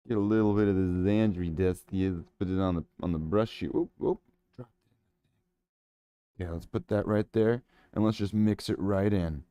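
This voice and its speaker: A man's voice: low-pitched, fairly even intonation, moderate pace, mellow, clear, resonant tone, no room sound, studio quality. A man talking casually while painting miniatures, rambling with jokey silly asides.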